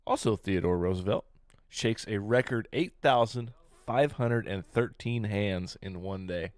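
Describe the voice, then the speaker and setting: A man's voice: lowish voice, unhurried, no echo. A man co-hosting a casual podcast, reading history facts in a laid-back, crude way and laughing often. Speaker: podcast co-host.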